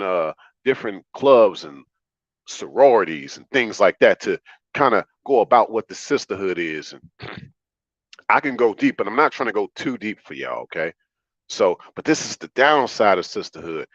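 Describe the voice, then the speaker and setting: A man's voice: on the low side, dry recording, muffled recording. A man hosting a livestream monologue, talking in an emphatic, repetitive, preachy way. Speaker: livestream host.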